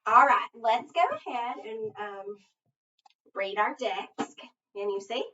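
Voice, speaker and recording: A woman's voice: fairly high pitch, expressive, slow pace, sharp tone, a little hiss or hum. A middle-aged woman teaching phonics to a child, asking patient prompting questions. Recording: echoey, distant, dull recording.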